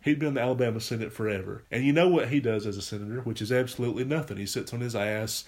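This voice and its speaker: A young man giving a solo political commentary rant, sarcastic, scornful and full of swearing. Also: mid-range voice.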